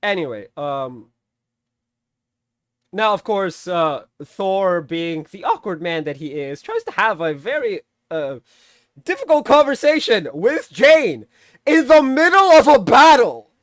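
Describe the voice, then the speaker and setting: A man casually recapping and reviewing a movie, animated, swearing freely and laughing often. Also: sits high, slow pace, no room sound, studio quality. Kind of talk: casual spoken film recap.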